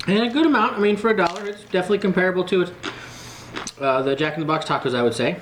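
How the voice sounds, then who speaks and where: A man's voice: high-pitched, rapid-fire, a bit bright, slight background noise. A man co-hosting a casual food review, easygoing and joking with his partner.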